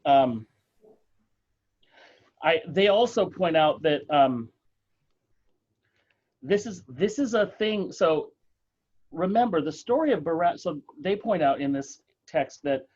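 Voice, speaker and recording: A man leading a church book group discussion, thoughtful and halting, with many fillers and restarts. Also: on the high side, lively intonation, a little mellow, husky, dull audio.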